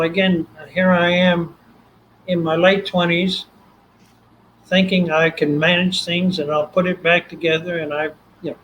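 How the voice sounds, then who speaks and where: A man's voice: a little high, slight background noise, low-quality recording. Older Texan man telling a story. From Texas. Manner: animated, acts out quoted voices. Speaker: guest. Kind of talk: storytelling interview.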